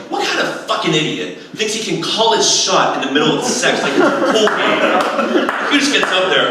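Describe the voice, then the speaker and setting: A young man doing a stand-up comedy set, telling animated stories and acting out other people's voices. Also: high voice, brisk, far from the mic, noisy background. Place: comedy club stage. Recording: echoey room heard from afar.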